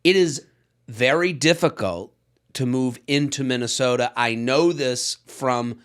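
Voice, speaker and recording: A man's voice: medium pitch, a little slow. Chatty male podcast co-host. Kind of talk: casual recap chat.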